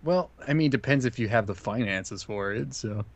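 Male co-host, goofy deadpan banter, dry close sound. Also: medium pitch, moderate pace, dry recording. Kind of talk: casual chat.

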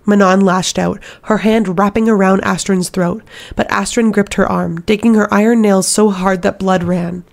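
Woman audiobook narrator, gravelly tone, measured dramatic read. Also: medium pitch, steady tone.

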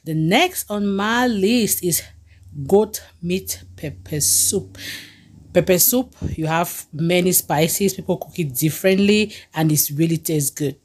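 A woman's voice: on the low side, slow pace, a little mellow, husky. A young woman with a Cameroonian accent, presenting a list of dishes in a chatty, enthusiastic way. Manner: enthusiastic, chatty, laughs easily. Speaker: food vlogger.

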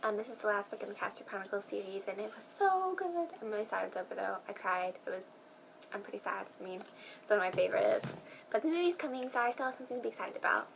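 A young woman talks in a casual vlog, bubbling with excitement and peppering her speech with fillers. Her voice carries a gravelly vocal fry at a middle pitch, over a faint background hiss. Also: rapid-fire. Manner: gushing, excitable, many fillers. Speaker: book vlogger.

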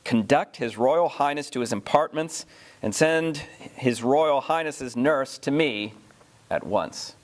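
A man's voice: medium pitch, slow pace, a little hiss or hum, close to an everyday voice. A man reading a storybook aloud, voicing a stern, tyrannical middle-aged king who scolds his young nephew with cold commands.

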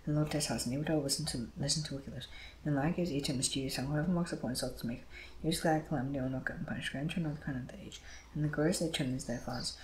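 A man reading scripture aloud, moving quickly and often stumbling over words and starting lines again. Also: a little high, a little hiss or hum, poor audio. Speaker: Bible reader.

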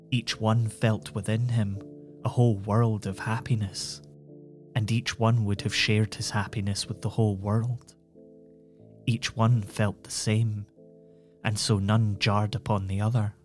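A man reads a bedtime story in a calm, measured, soothing way. His voice is low and even, unhurried, with gentle music faintly underneath.

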